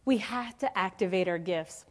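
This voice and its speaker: Speaking at a medium pitch and moderate pace, a woman in her forties delivers a sermon like a story told in conversation. She throws questions out to the congregation as she goes.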